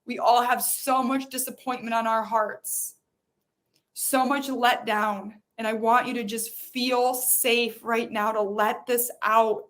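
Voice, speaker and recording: A podcast host with a fairly high, steady, fairly bright voice speaks slowly as she guides listeners through an emotional release exercise. Her delivery is pleading and repetitive.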